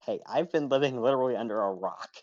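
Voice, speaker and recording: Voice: mid-range voice, expressive, fast, a little mellow, dry recording, dull audio, lightly acted. A performer voicing a naive young man who lived underground, talking in an indignant, innocent way. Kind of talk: role-play stream.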